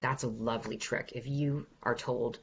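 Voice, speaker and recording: A woman's voice: extremely low pitch, fairly even intonation, normal speed, slight background noise. A woman voice coach leads an online workshop Q&A, upbeat and encouraging as she walks listeners through exercises. Her voice comes through a video call with a slightly muffled, lo-fi sound. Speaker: executive voice coach.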